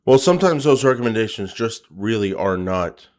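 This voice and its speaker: A man's voice: fairly low pitch, expressive, normal speed. A man co-hosting a podcast, chatting casually with a joking, teasing manner. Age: adult with a young son. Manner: joking, teasing, playful banter. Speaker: podcast co-host.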